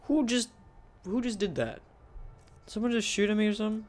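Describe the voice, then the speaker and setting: A goofy young man giving excitable, jokey commentary while he plays a video game. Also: high-pitched, fairly quick. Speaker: gamer, video host. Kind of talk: casual let's-play commentary.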